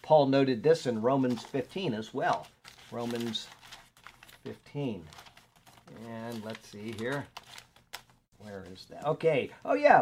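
A man's voice: mid-range voice, lively intonation, slow pace, pauses often, a little mellow. Conversational male Bible teacher. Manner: conversational, digresses while looking up verses; reads scripture aloud with rising emphasis. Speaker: pastor.

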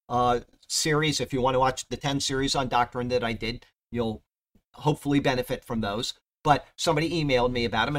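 A male pastor teaching a Bible study verse by verse, emphatic, stressing key points and checking in with the class. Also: mid-range voice. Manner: emphatic, repeats "okay?" to the class, rises sharply on key points.

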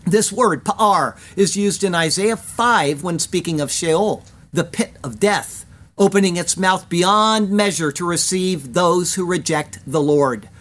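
A Bible teacher giving scripted verse-by-verse commentary, reading in a measured way and stressing key phrases. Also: medium pitch, a bit bright.

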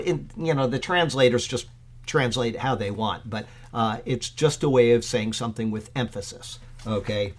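A pastor gives an informal commentary on the Bible, talking conversationally in a medium-pitched voice, using lots of fillers and getting excited as he goes.

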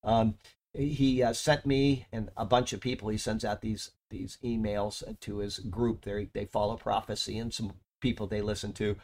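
A man delivering a sermon, moving from earnest teaching with strong emphasis into relaxed, chatty asides. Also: lowish voice, normal speed. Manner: earnest, lively emphasis, drifts into casual asides. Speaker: preacher.

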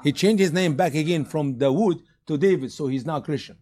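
A man teaching a church study group, emphatic and sarcastic, pushing his voice up into loud peaks. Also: fairly high pitch, a little fast.

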